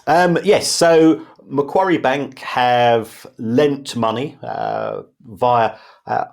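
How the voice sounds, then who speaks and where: A man's voice: mid-range voice, big pitch swings, very slow, creaky. A man, co-hosting a podcast and patiently explaining football finance with everyday examples in casual chat. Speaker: football finance expert co-host.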